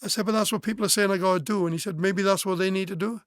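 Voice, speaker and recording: A man's voice: high-pitched, steady tone, rapid-fire, fairly bright tone, no room sound, clean studio sound. A man in his forties from Wales, a musician guest telling a personal story frankly and bluntly, acting out remembered conversations. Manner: frank, blunt, swears, acts out remembered dialogue.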